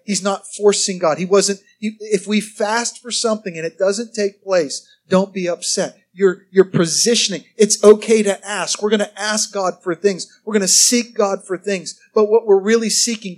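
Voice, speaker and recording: High-voiced pastor joking with his congregation. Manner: conversational, humorous, quizzes the congregation. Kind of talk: sermon.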